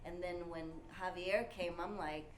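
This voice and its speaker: A woman with a fairly low voice talks casually, spinning an animated story with many "you know"s. The room is echoey, with a faint hiss behind her. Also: moderate pace. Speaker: music industry manager. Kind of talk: casual conversation.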